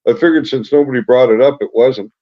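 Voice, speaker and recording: A man's voice: mid-range voice, fast. Chatty middle-aged man, muffled sound. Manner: chatty, tells long anecdotes. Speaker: co-host. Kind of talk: casual chat. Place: apartment at home.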